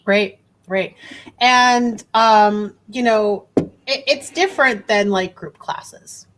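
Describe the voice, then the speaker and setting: A woman's voice: mid-range voice, slow, fairly bright tone, a little hiss or hum. A woman hosting a casual interview who makes brief, agreeing remarks. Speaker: host.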